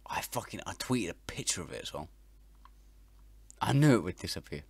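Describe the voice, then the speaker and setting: In his profane comedic reaction commentary, a man stammers through crude, mocking jokes and bursts out laughing loudly. He speaks at a moderate pace in a deep, gravelly voice with a breathy edge and a sing-song lilt, and there's no echo.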